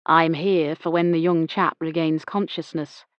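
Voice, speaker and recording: A woman's voice: low voice, fairly even intonation, unhurried, clean tone, dry recording, highs cut off. A woman voicing a polite, mild-mannered young male police constable in an audiobook. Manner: mild, courteous.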